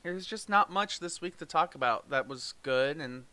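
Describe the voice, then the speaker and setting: This man has a slightly high, sharp-toned voice, animated and at a normal speed. He co-hosts a casual live-streamed review show, chatting loosely, laughing often between lines, and wandering through a rambling sign-off.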